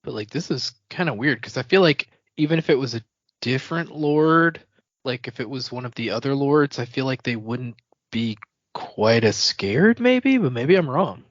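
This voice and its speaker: A man's voice: mid-range voice, lively intonation, moderate pace, no echo, lo-fi sound. A man co-hosting a podcast, chatting casually and musing over his opinions on the story. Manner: reacting with laughter and musing opinions. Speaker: podcast co-host. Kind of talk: casual chat.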